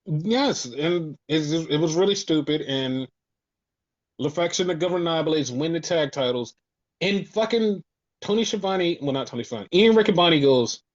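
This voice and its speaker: A man hosting a casual podcast, recounting events in an excited, expletive-filled rush. His voice sits a little high. The audio is slightly muffled and lo-fi. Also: moderate pace. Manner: excited, profane storytelling. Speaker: podcast host.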